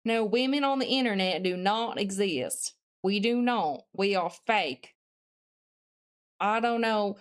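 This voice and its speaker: A woman's voice: medium pitch, expressive, measured pace, few pauses, clear, resonant tone. A woman streamer chatting casually on a live stream, reading chat messages aloud, answering them, and thinking aloud while she studies.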